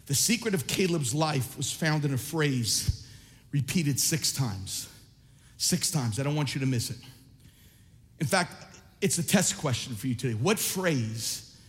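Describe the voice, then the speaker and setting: A man preaching a sermon as pastor, impassioned and shouting at his peaks, reading scripture aloud and quizzing his listeners. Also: on the high side, big-room sound.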